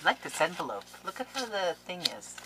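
A middle-aged woman, opening mail on camera in a casual vlog, gushing and excitable. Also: fairly low pitch, brisk, background noise. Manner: gushing, excitable, laughs and gasps often. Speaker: crafting vlogger.

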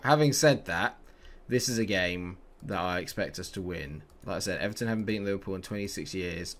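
A man giving live, animated commentary while playing a football management game, dropping to low mutters and rising to excited shouts. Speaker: video game player.

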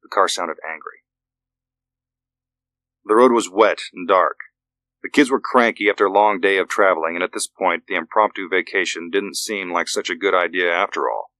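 A man narrating a thriller audiobook in a measured, steady way. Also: sits low, no echo.

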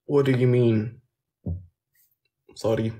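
French guy on a phone live, soft and kinda hesitant, reading comments, talks real slow. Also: medium pitch, fairly even intonation. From France. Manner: soft-spoken, hesitant, trailing off. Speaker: livestreamer answering viewer comments. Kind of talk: casual livestream chat.

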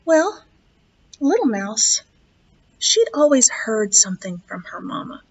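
A woman, a children's librarian, reading a story aloud at a virtual storytime in an expressive, slow, sing-song way. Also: fairly high pitch, husky. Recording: dull lo-fi online video recording.

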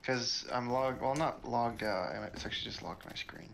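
A man's voice: mid-range voice, normal speed, vocal fry, a bit bright. A man chatting casually with his sister while playing a shooter game, giggling often. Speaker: gaming partner, host's brother. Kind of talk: casual gameplay chat. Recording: noisy background with clicks.

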